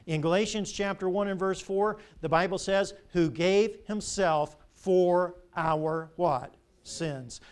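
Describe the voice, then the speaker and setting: High-voiced older pastor preaching. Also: male voice. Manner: animated storytelling with rhetorical questions. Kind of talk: sermon.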